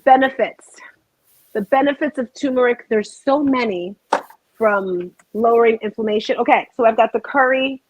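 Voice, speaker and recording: A woman's voice: a little high, moderate pace, no room sound, phone-quality sound. A woman hosting a home cooking show, chatting casually and rambling to viewers while she cooks.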